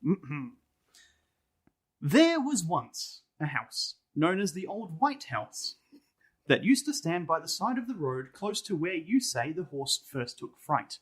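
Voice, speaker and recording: Wry male podcast co-host, animated read, slightly husky tone. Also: fairly high pitch, takes it slowly. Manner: wry, jokey, reads with lively expression. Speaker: podcast co-host reading a ghost story. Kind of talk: casual chat and reading aloud.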